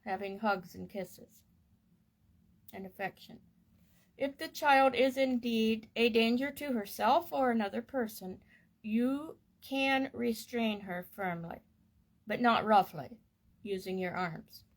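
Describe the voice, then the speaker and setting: A woman reading a parenting course book aloud in a gentle, measured and soothing way. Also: fairly high pitch. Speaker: reader of a parenting course text.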